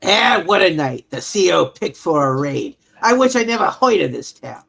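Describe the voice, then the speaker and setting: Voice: medium pitch, sing-song, moderate pace, vocal fry, a bit bright, exaggerated voice. A speaker voicing a griping American soldier in an exaggerated old-timey drawl.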